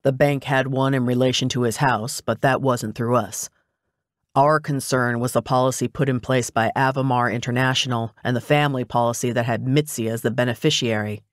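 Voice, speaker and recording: A man's voice: mid-range voice, fairly even intonation, a little fast, no echo, lightly acted. A man voicing a dry, teasing male private investigator in a cozy mystery audiobook. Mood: wry. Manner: matter-of-fact, teasing. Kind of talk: audiobook dialogue.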